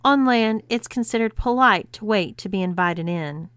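A woman's voice: medium pitch, moderate pace, a bit bright, clear, resonant tone, no room sound, pitched above the performer's own voice, close to an everyday voice. A woman voicing a wary, cautious adult husband who protests warily. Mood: wary protesting.

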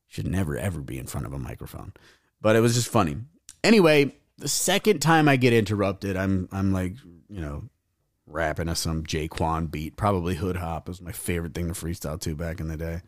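Young male podcast host, profane and rambling, lively swooping delivery, dry close sound. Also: low-pitched, no room sound. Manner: rambling, profane, acts out quoted voices. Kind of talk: casual storytelling. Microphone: podcast mic.

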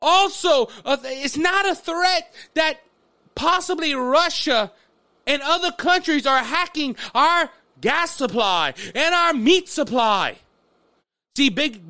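High, lively commentator man. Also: no room sound. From Louisiana, USA. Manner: animated, sarcastic, addresses listeners as folks. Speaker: political commentator, podcast host. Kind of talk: opinionated political commentary.

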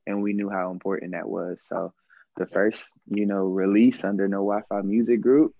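A man's voice: fairly low pitch, little pitch movement, moderate pace, gravelly, lo-fi sound. A man talking as a podcast guest, laid-back and rambling, with lots of filler words. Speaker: guest, music artist. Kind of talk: casual chat.

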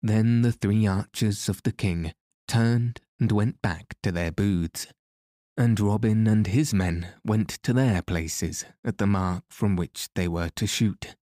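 A man narrating a classic tale as an audiobook, in a steady, measured reading of archaic prose. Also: on the low side, no echo, clean studio sound.

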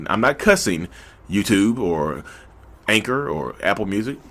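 A man's voice: fairly low pitch, unhurried. Male podcast host, Southern drawl, casual and repetitive delivery. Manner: animated, repetitive, talks to listeners directly. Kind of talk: casual monologue.

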